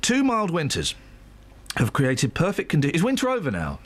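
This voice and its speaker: A man's voice: a little high, huge pitch swings, moderate pace. A man presenting breakfast radio with an English accent, reading odd news stories with jokey, rambling asides. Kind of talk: casual breakfast radio chat.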